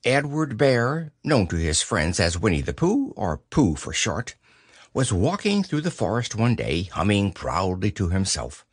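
A man reading a children's book aloud as narrator, in a lively storytelling manner. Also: fairly low pitch, a little slow, slightly rough, no echo, studio quality.

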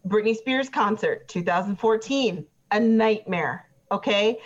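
A woman player in an improvised tabletop game voices a trial witness in her natural, medium-pitched voice, speaking a little slowly. The witness comes across as exasperated, chatty and petty, rambling with lots of fillers and getting defensive. It's captured on dull, lo-fi audio.

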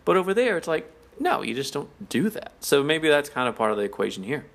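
A man's voice: mid-range voice, sing-song, quick pace, a bit bright. A man co-hosting a casual podcast. He talks loosely and chattily, full of fillers and easy laughter. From United States. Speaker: podcast co-host. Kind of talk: casual chat.

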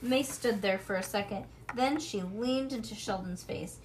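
A woman reading a children's storybook aloud to her child at home, with relaxed, chatty asides. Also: mid-range voice, moderate pace, few pauses, slight background noise.

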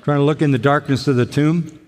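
An older male pastor delivers a sermon, pressing his points with emphasis and repeating key phrases. His voice sits a touch high for a man. It rings out with a long reverb, as if filling a large church hall. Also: fairly even intonation, a little fast.

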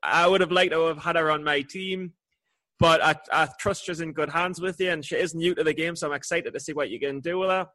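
A man's voice: on the high side, steady tone, brisk, pushed and bright. A man co-hosting an interview in a playful, joking way. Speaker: co-host. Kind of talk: casual interview chat.

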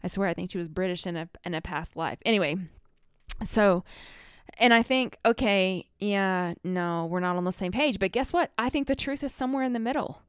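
A woman's voice: mid-range voice, normal speed, smooth, no echo, clean studio sound. A woman from the United States, an energy healer, giving earnest, conversational advice with many fillers. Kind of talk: casual advice monologue.

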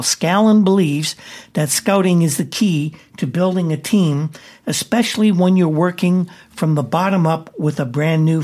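A man delivering a sports news report in a brisk, matter-of-fact way, with the odd "uh". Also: fairly high pitch, a little mellow.

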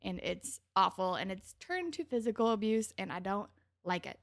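A young woman co-hosting a casual recap podcast, chatty and animated, acting out characters' lines with big jumps in her voice. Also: medium pitch, normal speed, creaky, dry recording, studio quality. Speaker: podcast co-host.

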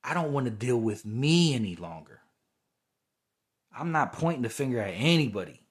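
A man's voice: mid-range voice, big pitch swings, normal speed, husky. A young man hosting a podcast, talking through a heated, rambling spiritual monologue that often circles back to "you know what I'm saying". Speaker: podcast host.

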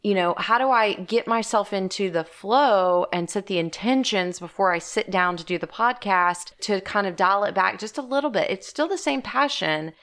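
A woman's voice: mid-range voice, moderate pace, few pauses. A woman co-hosting a casual podcast. She talks with passion and tells stories freely. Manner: passionate, animated storyteller. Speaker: podcast co-host.

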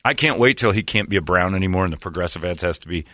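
Casting note: man from Indiana, low lively voice, bright edge, mocking sports host. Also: rapid-fire, no echo. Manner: mocking, animated, acts out voices. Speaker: sports talk show host. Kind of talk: casual sports banter.

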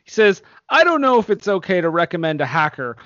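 Guy hosting a movie podcast, kinda high voice, lo-fi sound, laughs a bunch. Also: very animated, fairly quick, fairly bright tone, no room sound. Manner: laughs often, reads reviews aloud. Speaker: podcast host. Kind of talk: casual movie podcast chat.

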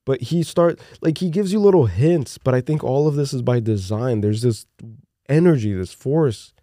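A young man co-hosting a podcast in casual chat, rambling excitedly and peppering his talk with "look" and "dude". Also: mid-range voice, moderate pace, no room sound, clean studio sound. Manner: animated and rambling, with many "look" and "dude" fillers. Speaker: podcast co-host.

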